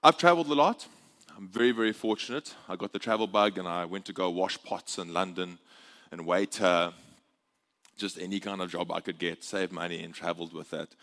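A man's voice: deep voice, a little fast. A man giving a guest sermon in a chatty, joking way, mixing travel stories with scripture reading, his volume swinging up and down. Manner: chatty, jokey, animated swings in loudness. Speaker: guest preacher. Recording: live church hall with long reverb.

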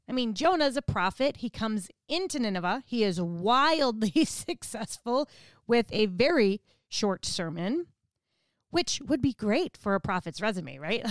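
Woman Bible teacher, smooth voice, a bit high, chatty, animated. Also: no room sound. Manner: chatty, laughs often, animated paraphrase.

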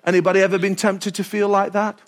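A male pastor delivers a sermon with animated energy. He keeps asking the congregation questions. His voice sits unusually high for a man. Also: quick pace.

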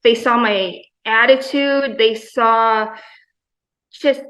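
A woman's voice: a little high, fairly even intonation, extremely slow, fairly bright tone, low-quality recording. A middle-aged woman, a mother of four, chatting as a guest about her gym, enthusiastic and rambling with many fillers. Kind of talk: casual interview chat.

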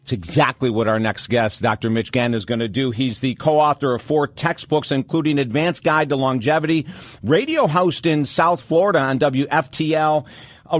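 A man hosting a radio talk show with an energetic, motivational delivery. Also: fairly high pitch, no room sound, clean studio sound.

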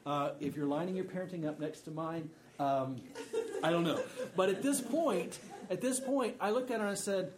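A man's voice: high voice, normal speed, background noise. A man in his thirties gives a sermon in a slightly raised voice, loose and conversational, breaking off for wry jokes. A faint room ambience sits under the recording. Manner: conversational, joking asides. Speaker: preacher.

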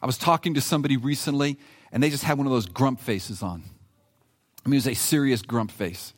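A male pastor with a mid-range voice preaches a sermon at a quick pace, animated and conversational, reading scripture aloud with emphasis.

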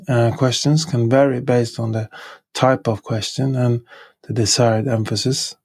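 A man teaching a podcast language lesson with a Norwegian accent, slowly repeating each example word and sentence three times. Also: mid-range voice, darkish tone, breathy edge.

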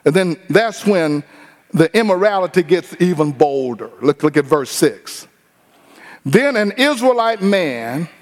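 A man preaching a sermon as pastor, animated and informal, acting out the people he talks about. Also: sits high, big-room sound. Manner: animated preaching with acted-out quotes.

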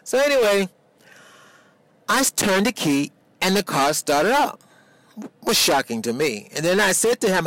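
A man's voice: high voice, very animated, normal speed, pauses often, fairly bright tone, low-quality recording. An older man, telling a personal story in a rambling, casual way with restarts. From New York. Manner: rambling, with restarts and dialect grammar.

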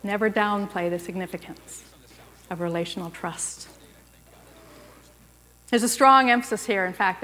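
A woman preaching a sermon in a plain, chatty teaching manner, often turning to ask the congregation questions. Her voice sits at an ordinary middle pitch for a woman. It rings out with a long reverb in a church sanctuary. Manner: conversational, asks the listeners questions. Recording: long reverb of a large room.

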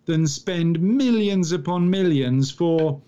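A man's voice: fairly high pitch, lively intonation, slow pace, dark tone, clean tone, lo-fi sound. A man co-hosting a podcast, dry and skeptical, teasing his co-host in casual chat.

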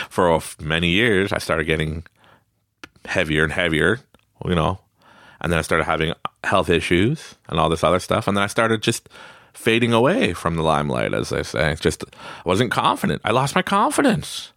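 A man hosts his own podcast in a casual monologue, his low voice carrying a gravelly edge. He tells stories with swinging, lively pitch and often jumps high to act out other people's lines. The sound is dry and close, with no room around it. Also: dry recording. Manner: animated storytelling, acts out quotes in a high voice, laughs often. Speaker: podcast host.

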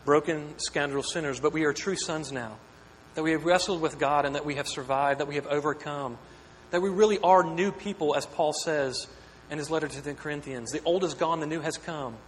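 A man's voice: on the high side, a little fast, hardly any pauses. A pastor preaching a sermon, earnest and questioning, often repeating words as he builds a point. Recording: echoey hall with long reverb, faint hum.

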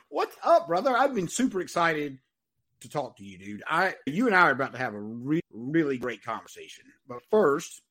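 A man with a Southern US accent hosting a podcast with energetic, hyped-up salesman delivery. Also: on the high side, normal speed. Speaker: podcast host.

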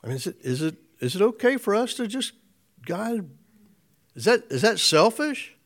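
A man gives a relaxed sermon to a small gathering, his voice sitting noticeably high. He talks conversationally, repeating and restarting phrases, with frequent soft chuckles. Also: fairly quick. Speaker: pastor. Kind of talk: informal sermon to a small group.

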